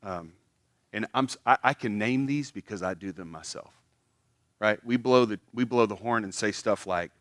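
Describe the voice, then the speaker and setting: A man's voice: on the low side, normal speed, dry recording, studio quality. A man preaching a sermon at a church, acting out little everyday skits with a voice that jumps up when he plays them. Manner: animated, acts out little skits with rising voice. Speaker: pastor.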